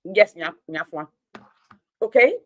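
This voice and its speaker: A woman's voice: lowish voice, animated, slow pace, dry recording, highs cut off. A woman, a teacher talking straight to her online audience in an impassioned, preachy monologue, repeating her points for emphasis.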